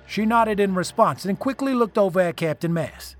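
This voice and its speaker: A man narrates a tense first-person tale in a somewhat high voice, reading with dramatic feeling. Soft music plays faintly beneath him. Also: animated, moderate pace, gravelly.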